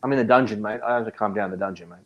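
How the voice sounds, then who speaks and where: A man's voice: lowish voice, very fast, dull audio. Man, emotional, passionate, stammering, repeating himself, live-stream argument. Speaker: watch community member.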